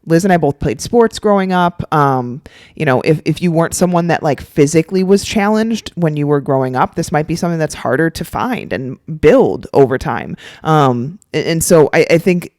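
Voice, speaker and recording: A woman's voice: low voice, animated, moderate pace, darkish tone, no echo. A woman co-hosting a casual podcast, talking in a loose, rambling way full of fillers and restarts. The sound is dry and close, with no room in it. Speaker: podcast co-host.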